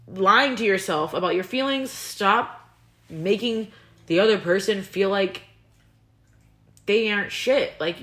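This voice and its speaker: A young woman venting in a personal vlog, heated and frustrated, swearing often and rambling with restarts. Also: mid-range voice. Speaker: vlogger.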